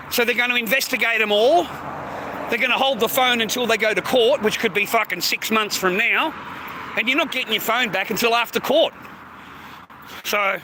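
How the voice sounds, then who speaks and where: A man livestreaming outdoors by the sea, ranting and mocking in a profane, rambling way, calling everyone mate and bro. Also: high-pitched. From United States. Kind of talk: rambling live-stream rant. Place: outdoors near the sea, walking by traffic. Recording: loud street and car noise.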